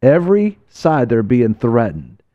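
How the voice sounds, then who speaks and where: A man hosts a religious broadcast with fervent, exhorting commentary, repeating key phrases for emphasis. His pitch sits in the ordinary middle range. The recording sounds slightly dull and muffled. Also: big pitch swings, a little slow.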